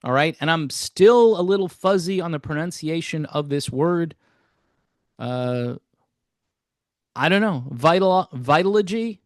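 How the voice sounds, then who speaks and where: A man talks through a casual review on his own channel, folksy and rambling, often poking fun at himself. His voice sits somewhat high for a man. The sound is dry and close, with no room echo. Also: measured pace, pauses often. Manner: self-deprecating, rambling, folksy. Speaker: album reviewer, channel host.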